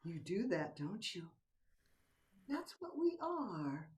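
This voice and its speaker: A woman's voice: mid-range voice, big pitch swings, slow pace, darkish tone, recorded from a distance. An older woman playing a teasing, coaxing wife. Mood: seductive. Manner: coaxing, teasing, drops to whispers. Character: playful, flirtatious wife coaxing her husband. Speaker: actor in a play. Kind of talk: stage play acted over video call. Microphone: computer mic on a video call.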